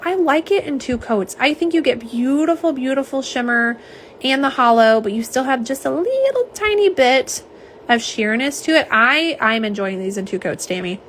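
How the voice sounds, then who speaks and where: A woman's voice: a little high, slight background noise. A young woman, chatting casually on a live stream as she swatches nail polish and reads viewer comments aloud, with rambling asides and fillers. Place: home office.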